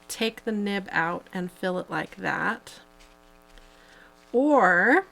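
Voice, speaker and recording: A woman's voice: fairly low pitch, gravelly, a bit bright, rough recording. A woman hosting a live craft tutorial, chatting casually as she demonstrates each step, with plenty of fillers. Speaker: host.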